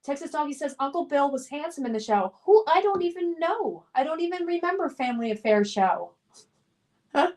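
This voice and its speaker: Woman streamer with a high voice, upbeat and chatty, reads chat comments aloud and laughs often. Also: expressive, brisk, darkish tone. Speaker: live stream host. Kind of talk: casual live stream chat, reading viewer comments aloud.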